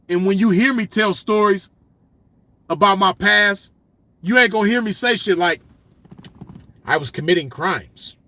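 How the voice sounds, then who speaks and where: Forceful high-voiced man ranting. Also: no echo. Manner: blunt, swaggering, profane, repeats "you know what I mean". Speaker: commentator. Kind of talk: ranting solo monologue.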